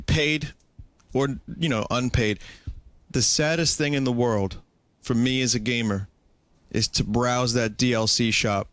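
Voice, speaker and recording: A man's voice: mid-range voice, a bit bright, no echo. A man hosting a podcast, talking in a dry, ironic, mock-serious way. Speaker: streamer and podcast host. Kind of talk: sarcastic comedic chat.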